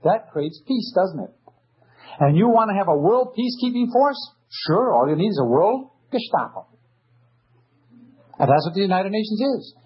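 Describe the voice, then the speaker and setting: A man's voice: sits high, very animated, normal speed, pauses often, slightly rough. A man giving a sarcastic, emphatic political lecture full of rhetorical questions, on a dull old recording. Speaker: speaker.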